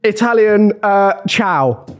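A young man from England co-hosting a podcast in casual chat, animated and laughing often. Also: slow pace. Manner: animated, laughing, high-spirited banter. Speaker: podcast co-host.

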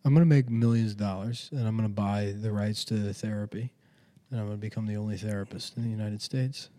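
A man's voice: on the low side, steady tone, fast, mellow. A man co-hosting a comedy podcast, riffing with absurd jokes in casual chat. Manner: joking, riffing with absurd bits and character voices. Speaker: podcast co-host.

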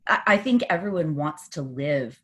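A woman who is a podcast guest, telling personal stories in an animated way and laughing often. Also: low-pitched, normal speed. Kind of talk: conversational interview.

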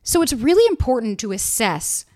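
A young woman hosting a solo podcast, giving blunt dating advice in a casual, animated way and swearing freely. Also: on the high side, moderate pace, no echo, clean studio sound. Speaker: podcast host.

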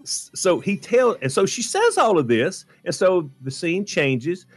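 A man who is a regular on a radio talk show, retelling a movie for laughs, dropping into a low voice for each character's lines and laughing often. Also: very animated, unhurried. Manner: laughs often while talking. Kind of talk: animated comic movie recap.

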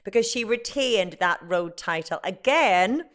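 A woman hosting a podcast, brisk and lightly teasing as she chats and reads out a news roundup. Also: medium pitch, lively intonation, fairly bright tone. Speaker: podcast host. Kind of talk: casual chat and news roundup.

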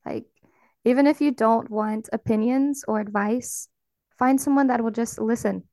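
A woman's voice: on the high side, fairly even intonation, moderate pace, dark tone, dry recording, clean studio sound. A woman hosting a casual podcast chat, encouraging and speaking straight to her listeners. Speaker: podcast host.

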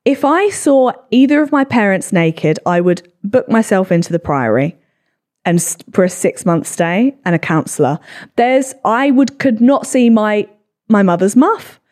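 A woman in her twenties with a low voice, hosting a solo podcast and reading comments with sarcastic, sweary, self-deprecating chat. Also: animated, a little slow, a little mellow. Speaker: podcast host.

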